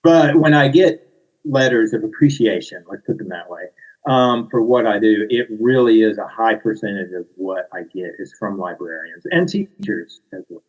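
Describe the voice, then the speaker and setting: A man's voice: lowish voice, lively intonation, normal speed, breathy edge, dull audio. A middle-aged man with a Southern US accent, a children's book author answering interview questions in a modest, self-deprecating way.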